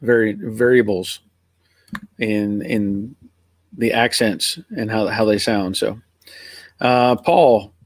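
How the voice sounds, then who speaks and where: A man's voice: fairly low pitch, steady tone, slow, long pauses, no echo. A middle-aged man from Pennsylvania with an American accent somewhere between Northern and Southern US, hosting a live stream in casual, rambling chat and reading out viewer comments. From Pennsylvania, USA. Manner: rambling, easygoing, chuckling.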